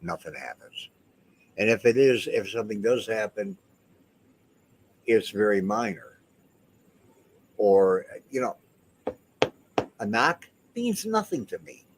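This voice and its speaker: A man's voice: fairly low pitch, sing-song, takes it slowly, pauses often, slight background noise. A man talking casually to the camera as a vlogger, rambling and emphatic, often restarting his sentences. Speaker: house owner and vlogger.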